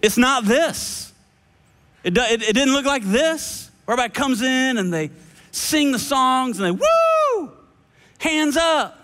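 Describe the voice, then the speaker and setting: A man preaching a sermon, animated and playful with shifting voices. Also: very high voice, normal speed. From United States. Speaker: pastor. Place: large church hall. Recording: long hall reverb.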